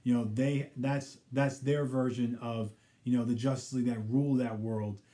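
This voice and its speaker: Speaking at a moderate pace in a steady, dark, mid-range voice, this pop culture vlogger rambles casually through a recap of a TV episode. He leans on "you know" a lot and briefly performs the characters' lines as he quotes them.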